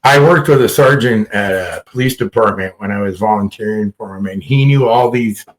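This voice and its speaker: A man's voice: fairly low pitch, moderate pace, reverberant, poor audio. Crude, joking podcast host man. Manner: crude, joking, animated storyteller. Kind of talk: casual podcast chat.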